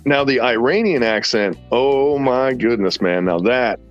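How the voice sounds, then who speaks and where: A man's voice: mid-range voice, expressive, measured pace. Laid-back guy rambling thru stories, kinda dull audio, faint music behind. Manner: rambling storyteller, drawling, says "man" often. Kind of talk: casual banter.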